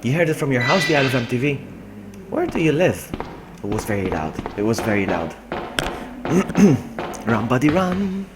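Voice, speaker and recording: A man's voice: mid-range voice, big pitch swings, moderate pace, long pauses, heavy background noise. A man, streaming a game and talking himself through it while greeting chat. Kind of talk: live gameplay commentary. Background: game music.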